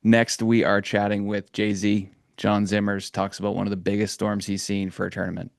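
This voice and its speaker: A man's voice: on the low side, completely flat delivery, normal speed, gravelly, no room sound, clean studio sound. A male host introducing the next segment in an upbeat, approving way.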